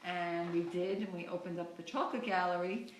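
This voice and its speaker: A woman's voice: lowish voice, fairly even intonation, brisk. A middle-aged woman from New York, a cake shop owner, telling her story in a chatty interview with lots of fillers. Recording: echoey room, faint noise.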